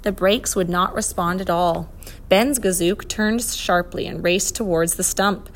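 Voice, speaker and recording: A woman reading a children's adventure story aloud, expressive and lively. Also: on the low side, unhurried, slight background noise. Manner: expressive, voices the characters. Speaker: narrator.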